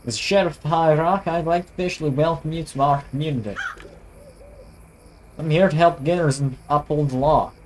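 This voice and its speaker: A man's voice: fairly high pitch, measured pace, a little mellow, slight background noise, natural voice. A man voicing a friendly cowboy sheriff in a game, with a drawled, folksy manner and an attempted American accent. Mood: welcoming.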